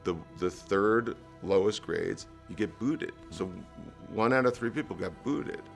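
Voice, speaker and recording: A man's voice: low-pitched, measured pace, gravelly, soft background music. A middle-aged man from New Jersey telling his life story in an earnest interview, with fillers and restarts. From New Jersey, USA. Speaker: entrepreneur guest.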